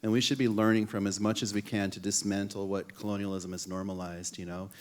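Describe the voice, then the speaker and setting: An earnest man in his fifties talks rapidly in a lowish voice as a panel guest. He often adds "you know" while speaking from an auditorium stage. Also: flat delivery. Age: 50s. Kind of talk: panel conversation.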